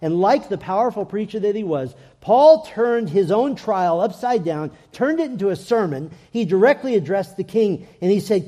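High-voiced, mellow-toned male preacher. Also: lively intonation, moderate pace, hardly any pauses. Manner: earnest, rises and swells when reading scripture. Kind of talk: sermon.

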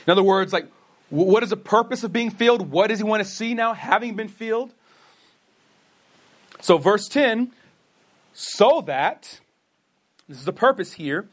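A man's voice: sits high, animated, moderate pace, pauses often. A man preaching a sermon, earnest, posing questions and answering them himself, who says he stutters and often restarts words. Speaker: pastor.

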